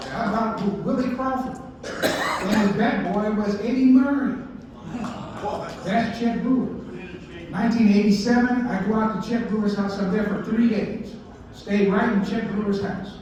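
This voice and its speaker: Here the same sixty-something baseball historian's high voice sounds a bit mellow as he spins folksy stories and quizzes the crowd. There's a little hiss or hum, and the audio is muffled, captured by a far-off mic in a reverberant hall.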